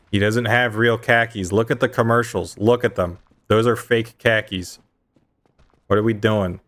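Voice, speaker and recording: A man's voice: lowish voice, a bit bright, clear, resonant tone. A young adult man streaming a game, chatting casually and ranting with emphatic, mock-outraged insistence. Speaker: gaming streamer.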